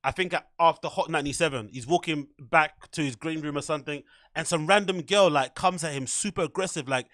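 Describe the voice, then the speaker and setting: A young man hosting a podcast, chatting casually in a rambling, animated way, full of fillers and swearing. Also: a little high, brisk, few pauses, no room sound, studio quality. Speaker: podcast host. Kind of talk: casual chat.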